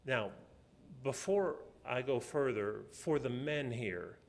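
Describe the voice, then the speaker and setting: A middle-aged man with a drawl delivers a sermon from the pulpit. He tells personal stories, rising to loud, emphatic stretches and then sinking to a quiet, soft voice. His voice sits at an ordinary middle pitch for a man. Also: animated, slow pace. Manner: storytelling, swings from loud to soft. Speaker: preacher.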